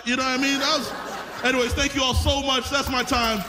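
A man doing a stand-up set, chatty and conversational, slipping into quick impressions. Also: extremely high pitch, animated. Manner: conversational, drops into impressions of others. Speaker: stand-up comedian.

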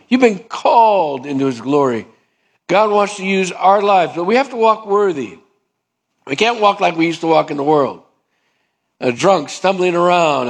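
A middle-aged man preaching a sermon with a voice pitched a little high. He is emphatic and acts out short quoted dialogues, swinging his pitch up and down. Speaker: pastor.

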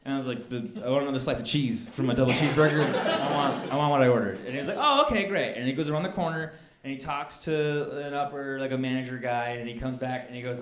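A man's voice: medium pitch, fast, hardly any pauses, echoey room. A man doing a stand-up comedy set, telling a rambling, indignant story.

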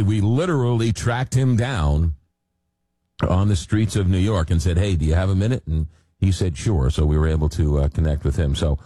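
A man's voice: low voice, mellow, dry recording. A man hosting a late-night radio show, rambling casually with lots of fillers while he gets over a cold. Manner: rambling, searching for words with many fillers. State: recovering from a cold. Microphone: studio microphone.

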